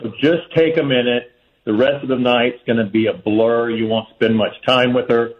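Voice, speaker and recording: A man's voice: mid-range voice, fairly even intonation, moderate pace. Male caller on a dull phone line, earnest and heartfelt. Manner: earnest, heartfelt advice-giving. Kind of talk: call-in advice.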